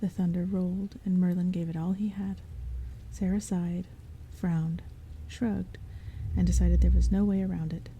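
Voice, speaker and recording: A woman reading a novel aloud as a soft-spoken bedtime story, in a soft, breathy half-whisper. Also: fairly low pitch, flat delivery, moderate pace, slight background noise, low-quality recording. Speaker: audiobook reader. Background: soft rain and thunder.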